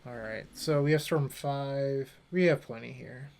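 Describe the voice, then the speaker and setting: A man's voice: mid-range voice, unhurried, gravelly, a little mellow. Man thinking aloud while streaming. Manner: thinking aloud, chatting with viewers between plays. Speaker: streamer playing a card game. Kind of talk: casual gameplay commentary.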